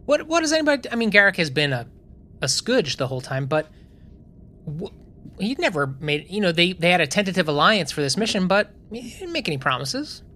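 A man co-hosting a podcast, thinking aloud about characters in a casual, analytical way with some halting restarts. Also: high-pitched, sing-song, bright, forceful tone. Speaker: podcast co-host. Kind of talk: casual chat.

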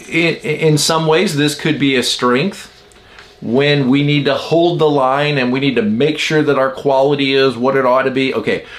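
A man hosting a podcast, talking casually and explaining ideas with everyday stories and self-deprecating asides. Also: medium pitch. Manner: chatty, self-deprecating, acts out quoted people. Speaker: podcast host. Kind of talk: casual teaching monologue.

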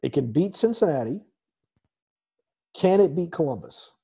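A man's voice: on the high side, big pitch swings, a little slow, vocal fry, dark tone, breathy edge. A man hosting a casual soccer podcast, reading through the night's results with lots of ums and a dry, sarcastic edge. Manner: reads scores with many fillers, dry sarcasm. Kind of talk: casual sports talk.

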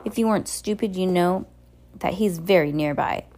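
A woman's voice: fairly low pitch, moderate pace, warm tone, close to an everyday voice. A woman voicing a scornful, vain villainous woman in an audiobook, with a mocking, sneering delivery. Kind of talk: audiobook reading.

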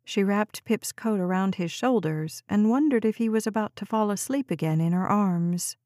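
A woman reading a novel aloud as an audiobook narrator, in calm and measured scripted narration. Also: medium pitch, no room sound, studio quality.

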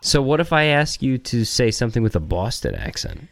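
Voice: medium pitch, huge pitch swings, brisk, creaky, fairly bright tone, a little hiss or hum. A podcast co-host who keeps pushing the guest to try accents. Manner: pushy, keeps prompting the guest. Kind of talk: casual comedy podcast banter.

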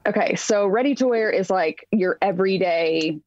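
A woman's voice: medium pitch, normal speed, darkish tone, no room sound. A woman fashion designer talking as a podcast guest over a video call, chatty and full of fillers. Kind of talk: casual interview. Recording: dull video-call audio.

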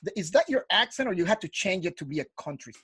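Husky, slightly high-voiced male host. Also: sing-song, quick pace, a bit bright. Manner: stammers and restarts his questions. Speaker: podcast host. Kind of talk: casual interview talk.

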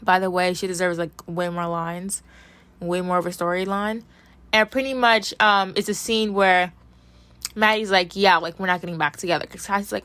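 A young woman casually recapping a TV episode, chatty and animated, full of fillers, acting out what characters said. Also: fairly low pitch, normal speed, dry recording. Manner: animated gossip, lots of "like", acts out characters' lines. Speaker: TV recap vlogger.

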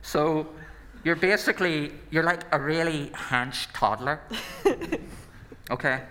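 Man voicing a Northern Irish schemer, lively. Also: on the high side, takes it slowly, heavily acted. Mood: breezy. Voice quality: playful, self-interrupting. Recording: reverberant room.

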